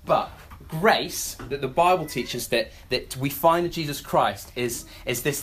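A preacher giving a sermon, telling everyday stories with many restarts and quick acted-out asides. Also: medium pitch, background noise. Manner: animated storytelling with many restarts.

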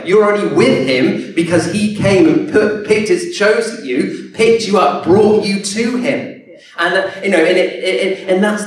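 A man preaching a sermon, telling a personal story in an earnest way that often circles back and restarts. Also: high voice. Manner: earnest, repetitive, many restarts. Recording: echoey hall from far off.

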